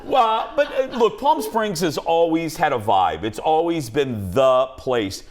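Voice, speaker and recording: A man hosting a studio talk show, animated and jokey as he chats in front of a live audience. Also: fairly high pitch, unhurried.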